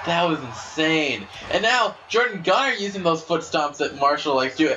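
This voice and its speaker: A man calling a wrestling video game match move by move, his fairly high voice leaping all over the place as he gets excited. He talks in an unhurried way between bursts. A steady hiss of background noise sits under the recording. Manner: excitable, breaks into shouts and laughs at big moves. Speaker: commentator.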